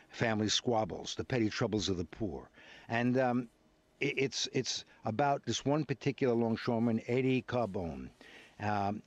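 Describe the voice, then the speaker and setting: An older man with a lowish voice and a Brooklyn accent worn down into something transatlantic. He chats easily as a radio guest, rambling through stories and sprinkling in "you know.". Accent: Brooklyn accent softened by years in Britain, transatlantic. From Brooklyn, New York. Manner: chatty and anecdotal, with frequent "you know" and laughs. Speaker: actor, interview guest. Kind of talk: relaxed radio interview chat.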